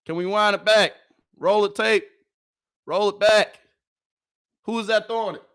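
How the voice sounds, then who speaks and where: A man hosting a live sports reaction stream, loud and excitable, often yelling and laughing into a close microphone. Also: sits high, measured pace, clear, resonant tone. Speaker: sports reaction livestream host. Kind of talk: hyped live commentary on football clips. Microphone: close microphone he yells into.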